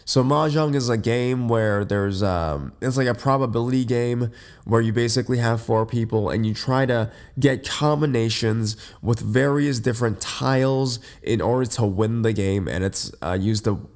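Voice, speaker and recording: A man hosting a casual, rambling podcast from his bed. He has just woken up, and his voice is deep and a little congested. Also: normal speed, a little mellow. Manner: rambling, many fillers and restarts. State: groggy, just woke up. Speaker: podcast host. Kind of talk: casual unscripted podcast monologue. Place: in bed at home.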